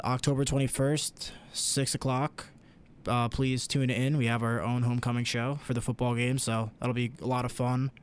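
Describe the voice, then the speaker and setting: A young man talks about calling games on college radio. His delivery is very level and unexpressive, measured, and broken up by hesitant fillers. Faint noise sits under his voice. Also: mid-range voice. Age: young adult. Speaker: sports director. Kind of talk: casual radio chat.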